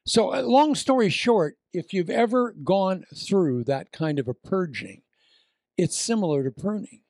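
A man preaching a sermon, telling a funny travel story with animated shouted lines before turning to quiet prayer. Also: sits high, unhurried, no echo.

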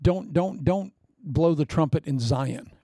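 Gravelly older pastor telling jokey stories. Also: male voice, a little high, unhurried, mellow, no echo, clean studio sound. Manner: jokey, self-mocking, acts out quotes. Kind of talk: humorous storytelling sermon.

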